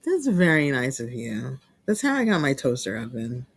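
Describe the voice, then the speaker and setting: A woman's voice: a bass voice, big pitch swings, normal speed, breathy edge, no echo. A woman co-hosting a podcast in casual chat, teasing her co-host and laughing often.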